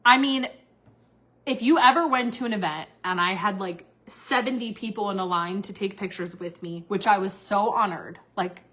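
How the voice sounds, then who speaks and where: A woman's voice: mid-range voice, moderate pace, a bit bright. A young woman talking candidly on a livestream, blunt and filler-heavy, swearing freely. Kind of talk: candid casual livestream rant.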